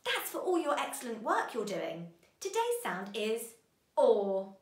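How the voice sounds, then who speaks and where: A woman teaching a children's phonics lesson, giving bright, sing-song encouragement to young learners. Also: on the high side, huge pitch swings, a little slow, roomy sound.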